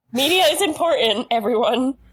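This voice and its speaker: A woman's voice: sits high, lively intonation, a bit bright, husky, low-quality recording. A woman co-hosting a podcast, chatting playfully and joking about a TV episode. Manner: chatty, playful, quick to joke. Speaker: podcast co-host. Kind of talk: casual chat about a TV episode.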